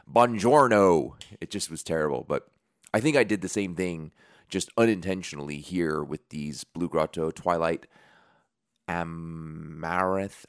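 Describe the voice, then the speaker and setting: Low-voiced joking podcast host man. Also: no room sound, clean studio sound. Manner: rambling, jokey and self-deprecating. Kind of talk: casual unscripted chat and sponsor reads.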